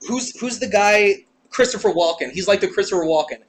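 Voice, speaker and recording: A man's voice: high voice, brisk, a little hiss or hum, low-quality recording. A young man co-hosting a casual podcast chat, rambling and joking and laughing often. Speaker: podcast co-host. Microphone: handheld ball microphone, sometimes held away.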